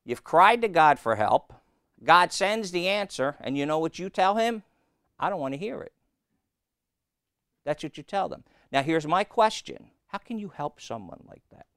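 Guy preaching, folksy and chatty, keeps asking the room questions, smooth resonant voice, dry close sound. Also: fairly high pitch, big pitch swings, normal speed, fairly bright tone, dry recording. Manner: asks listeners rhetorical questions; folksy, plainspoken. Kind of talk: conversational sermon.

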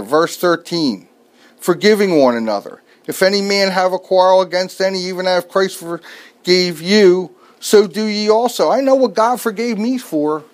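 A middle-aged man preaching a sermon, telling a family story with folksy jokes and asides. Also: high-pitched.

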